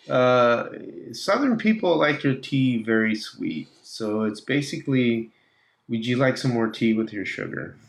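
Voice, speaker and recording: Speaking at a medium pitch with some vocal fry and a slight brightness, a male livestream host chats casually from his home slot car track room. He reads viewer comments aloud, laughs frequently, and lets thoughts trail off unfinished.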